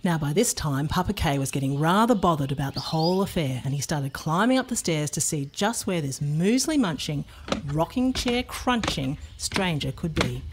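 A woman narrating a children's storybook in a playful, expressive way. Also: deep voice, normal speed, slight background noise.

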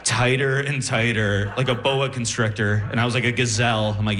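A young man performing stand-up comedy on a club stage, animated and jumping into squeaky voices for punchlines. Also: a little fast. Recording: roomy club sound with crowd laughter.

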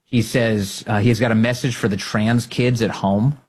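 Husky guy ranting on his political podcast, mocking, laughs a lot. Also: lowish voice, moderate pace. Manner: mocking, animated, laughs often. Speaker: podcast host. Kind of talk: political commentary.

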